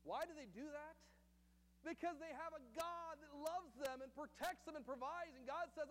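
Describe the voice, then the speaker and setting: A man's voice: very high voice, moderate pace, a bit bright. A man preaching a sermon with earnest, repetitive emphasis in a church hall. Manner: earnest preaching, repeating phrases, reads scripture and quotes aloud. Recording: long hall reverb, faint hum.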